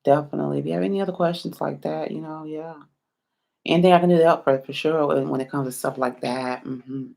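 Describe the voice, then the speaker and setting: A woman's voice: low-pitched, fairly even intonation, quick pace, gravelly, darkish tone. A woman reading tarot on a late-night live stream. She is sleepy and yawning, and she rambles through many fillers while she answers viewers one by one.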